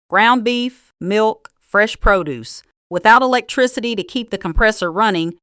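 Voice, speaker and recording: Calm, cutting woman narrating a story. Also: on the low side, smooth, no room sound, studio quality. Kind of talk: first-person story narration.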